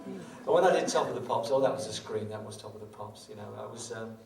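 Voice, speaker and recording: A man's voice: medium pitch, lively intonation, fast, vocal fry, far from the mic, slight background noise. A middle-aged man, a guitarist, chatting wryly between songs at a live show, telling self-mocking stories. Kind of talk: on-stage patter between songs. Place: small concert venue on stage. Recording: echoey venue from afar with guitar.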